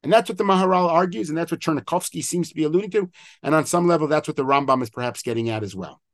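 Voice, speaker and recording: A man's voice: on the high side, very fast, no echo, clean studio sound. A middle-aged man, a rabbi, teaching an online class, explaining and quoting old texts with frequent fillers. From Israel. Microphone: video call microphone.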